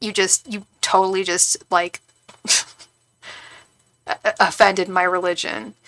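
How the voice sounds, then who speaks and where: Woman, tarot streamer, bright tone, animated gossip with lots of restarts. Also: mid-range voice, takes it slowly. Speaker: tarot reader and psychic on a live stream. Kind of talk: casual storytelling to a live chat.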